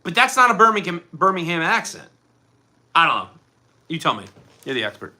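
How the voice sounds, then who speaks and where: In a brisk, pushed, bright voice on the high side with big pitch swings, a Philly-accented livestream host from Philadelphia chats in a loose, wandering way and reads out comments.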